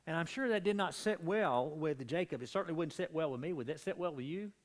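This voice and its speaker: A pastor leads a midweek Bible study in a church, his voice a little high and quick. He reads scripture animatedly, the intensity rising until his voice strains.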